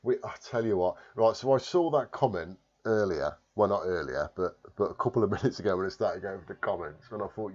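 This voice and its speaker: With lively intonation, a darkish tone, and a breathy edge, a lowish-voiced man from Warwickshire, England, chats at a moderate pace on a live stream. He reads viewer comments, rambles, jokes at himself, and swears casually, all in a muffled recording.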